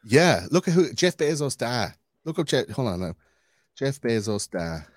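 A man hosting a podcast in casual chat, talking in a profane, rambling, animated way. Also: medium pitch, normal speed, no room sound, clean studio sound.

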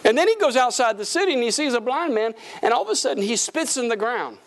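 A pastor preaching a lively, folksy sermon in a church service, with humorous asides and call-and-response with the congregation. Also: male voice, very high-pitched, fast.

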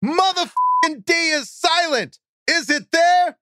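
A man's voice: very high voice, lively intonation, measured pace, heavy background noise, voice pushed up. A man doing an impression of a furious, foul-mouthed famous actor who swears in every sentence. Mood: ranting.

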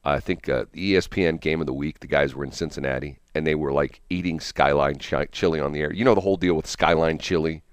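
A man's voice: rumbling low, fast talker, hardly any pauses, no echo. A man hosting a casual morning radio chat, rambling and chuckling, restarting his sentences often. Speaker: radio host.

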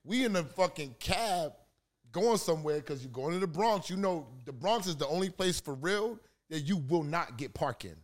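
A man with a New York accent from Queens, cursing freely and telling animated stories in a heated podcast debate. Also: on the high side, normal speed. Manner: profane, animated storytelling. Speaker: podcast co-host.

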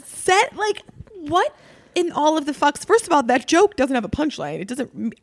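A woman's voice: high voice, very animated, moderate pace, dry recording, clean studio sound. A woman comedian in casual podcast chat, telling meandering stories that trail off and restart. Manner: rambling storyteller, trails off and restarts.

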